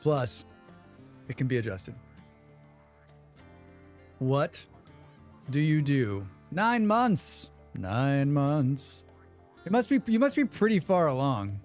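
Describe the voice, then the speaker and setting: A man hosting a live game stream, chatting quickly with viewers and thinking aloud as he plays. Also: mid-range voice, very animated, a little mellow, faint music behind. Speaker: livestream game host. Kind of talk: casual live gameplay commentary.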